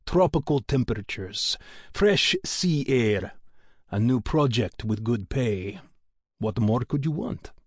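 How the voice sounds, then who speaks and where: A man voicing a cheerful, easygoing male oil engineer who talks in an unhurried, upbeat way. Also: medium pitch, little pitch movement, gravelly, breathy edge, no room sound, studio quality, exaggerated voice. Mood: breezy.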